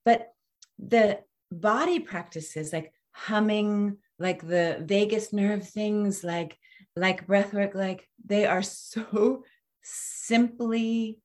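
A woman in her fifties hosting a casual podcast conversation, reflective and animated, often trailing off and restarting. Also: mid-range voice, very slow.

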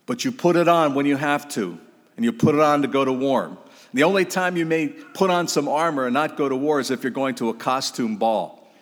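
A man delivers a sermon in a middle-pitched voice, driving his points home with emphatic exhortation and dropping into casual asides. His voice rings out with a long reverb, as in a church hall. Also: fairly quick. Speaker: pastor.

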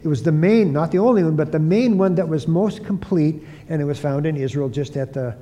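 Man, preacher, expository sermon, emphatic repeats, mellow voice, long hall reverb. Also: fairly high pitch, fairly quick. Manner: emphatic, repeats key phrases. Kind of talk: expository Bible teaching.

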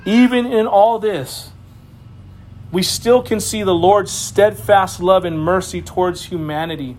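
A man's voice: high-pitched, a little slow, darkish tone, slight background noise. A man giving a casual sermon as a Bible teacher, passionate and slangy, often laughing as he preaches.

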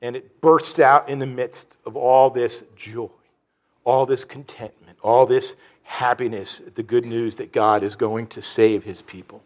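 A man preaching a sermon in an earnest, halting way, with many restarts and fillers. He drops low and soft on sorrowful phrases. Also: steady tone. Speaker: pastor.

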